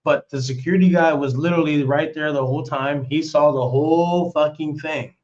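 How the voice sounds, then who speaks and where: A man's voice: fairly high pitch, fairly even intonation, a little fast, darkish tone, dull audio. Rambling, cursing man telling a story. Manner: rambling, profane, with many restarts. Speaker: live streamer. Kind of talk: casual storytelling.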